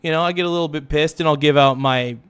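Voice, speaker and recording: A livestream host with a smooth, slightly bright voice on the high side aims a heated, repetitive rant straight at someone. He swears, stumbles into restarts and keeps correcting himself throughout the monologue.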